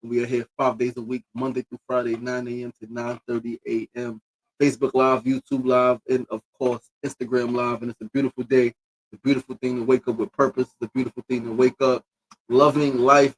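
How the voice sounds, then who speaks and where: Man, livestream host, mid-pitched voice, energetic greetings, reflective preaching, casual swearing, repetitive phrasing. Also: poor audio. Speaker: host of a daily live show. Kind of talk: casual morning livestream talk.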